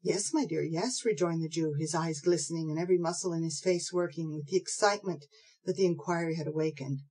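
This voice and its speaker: A woman narrating an audiobook of a classic novel in a steady, measured way. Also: deep voice, breathy edge, low-quality recording. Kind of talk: scripted narration.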